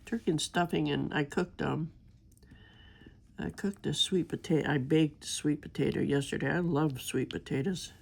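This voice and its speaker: Sick older woman with a gravelly voice. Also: low-pitched, normal speed, darkish tone. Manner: rambling, homey and chatty. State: sick with a sore throat. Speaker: crafting vlogger. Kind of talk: casual chat while diamond painting.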